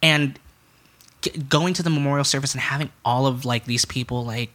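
Frank young man with a bright voice. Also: medium pitch, fast talker. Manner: frank, swears freely, acts out what others said. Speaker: podcast guest. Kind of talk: candid conversational storytelling.

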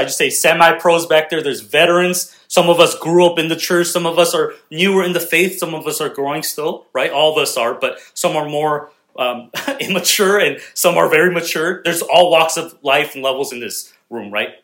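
A man's voice: medium pitch, a bit bright. A young man preaching a sermon in a conversational, joking manner, talking directly with the congregation. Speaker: pastor.

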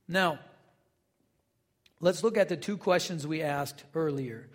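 A man's voice: a little high, a little slow, long pauses. A man preaching a sermon as pastor, conversational and folksy, with casual asides and acted-out quotes. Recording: long reverb of a hall.

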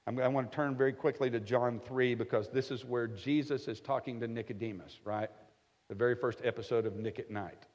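A middle-aged pastor preaches a conversational sermon full of folksy jokes, frequently checking in with listeners by asking "right?". His mid-range voice is steady, a little mellow, and slightly quick. The sound is echoey, as in a hall, and a bit dull.

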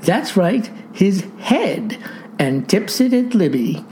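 Female narrator for a mock-grand comedy script; lively and theatrical. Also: medium pitch, takes it slowly, a little hiss or hum, low-quality recording.

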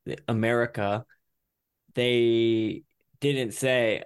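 A man's voice: mid-range voice, a little slow, clear, resonant tone. A man co-hosting a podcast in casual chat, easygoing and teasing, often chuckling. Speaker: podcast co-host.

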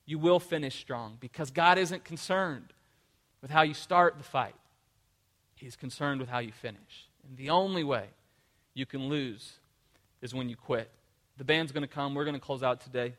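Emphatic preacher with a bright voice. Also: male voice, mid-range voice, moderate pace, in a large hall. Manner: emphatic, motivational, repeats words when restarting. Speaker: pastor. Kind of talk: sermon.

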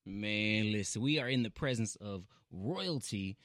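A man's voice: lowish voice, animated, a little slow, a bit bright, no room sound, clean studio sound. A male radio talk show host opening his show and interviewing a guest with enthusiasm, repeating words for emphasis and laughing often.

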